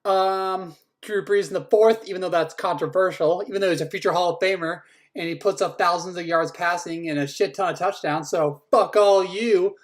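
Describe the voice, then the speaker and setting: A fantasy football league commissioner, played by a man whose voice sits high, gives a casual, teasing breakdown of each team's draft picks with occasional swearing. He speaks at normal speed with few pauses and fairly even intonation.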